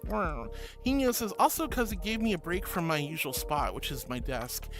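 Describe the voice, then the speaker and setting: A woman's voice: fairly low pitch, lively intonation, moderate pace. A woman streaming and reading her chat aloud, bubbly and sweet, calling viewers sweetie. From Florida. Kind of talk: casual chat. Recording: music playing behind.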